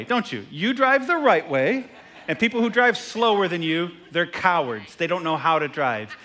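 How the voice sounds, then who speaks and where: A man preaching a sermon as pastor, animated and jokey, who repeats phrases and asks the congregation questions. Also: high voice, moderate pace. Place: church sanctuary.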